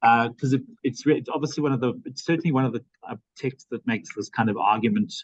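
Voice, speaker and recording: A man chairs an academic seminar and offers his comments haltingly, stacking fillers and restarting his phrases. The sound is very dry and close, with a dull, lo-fi tone. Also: mid-range voice, slightly rough, no echo. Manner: hesitant, many fillers and restarts.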